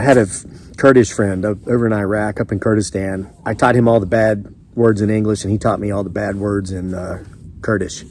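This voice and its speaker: A homesteading vlogger from the American South tells stories to the camera in a casual, rambling, chatty way, with frequent restarts and asides. His Southern-accented voice is on the low side and darkish, with a little hiss or hum in the recording.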